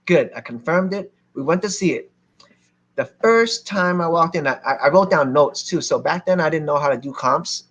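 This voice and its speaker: A man from Philadelphia telling a lively story to a seminar audience as a real estate investor, acting out the people in it. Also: fairly high pitch, moderate pace. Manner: animated, acts out other people's lines.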